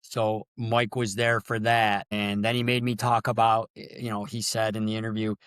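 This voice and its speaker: A man's voice: lowish voice, level tone, moderate pace, fairly bright tone, clean tone, dry recording, clean studio sound. A middle-aged man, a sports official, telling earnest and emotional stories in an interview. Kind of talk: storytelling interview.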